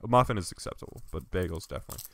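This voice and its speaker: A young man with a very low voice co-hosting a laid-back podcast. He pokes holes in his friend's stories with skeptical questions and laughs a lot. His talk is loose and full of casual swearing. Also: animated, racing. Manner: teasing, skeptical, laughs often, swears freely. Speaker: podcast co-host and editor. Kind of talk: casual chat.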